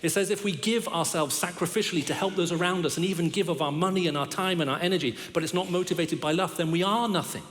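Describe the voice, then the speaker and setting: A middle-aged man delivers a sermon as a visiting preacher, pitched a little higher than most men. He weaves stories and dry self-deprecating jokes into his point. His voice rings out through a large church hall with a long reverb tail. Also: quick pace, few pauses, fairly bright tone. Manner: storytelling with humor and self-deprecating asides. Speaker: guest preacher.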